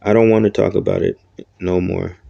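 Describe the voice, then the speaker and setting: A man's voice: deep voice, little pitch movement, brisk, gravelly, dark tone, no echo, highs cut off, full character voice. A man voicing a troubled young woman who speaks in a pained, reproachful way. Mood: upset.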